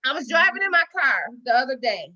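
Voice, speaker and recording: Bright high-voiced woman telling stories. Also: very animated, a little fast. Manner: folksy storytelling with acted-out quotes and repetition. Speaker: guest speaker at a women's dinner. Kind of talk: heartfelt personal speech. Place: dinner event venue. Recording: dull lo-fi recording.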